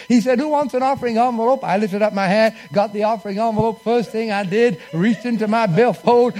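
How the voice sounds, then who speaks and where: In church, a man with a high-pitched, slightly mellow voice preaches a sermon. He tells a personal story and leads the congregation in call-and-response.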